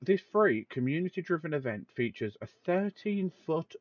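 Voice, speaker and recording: A man's voice: fairly high pitch, sing-song, normal speed, no echo. Casual male podcast host, laughs easily, swears now and then, lo-fi home recording. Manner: laughs often, swears casually, reads aloud from a web page. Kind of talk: casual chat.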